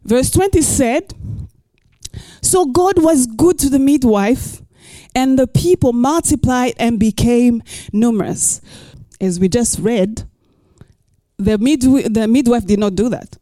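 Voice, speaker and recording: Her voice a little high and her pace slow, a middle-aged female pastor delivers a sermon and reads from scripture, expressive throughout, with playful asides and rhetorical questions. No room sound is audible.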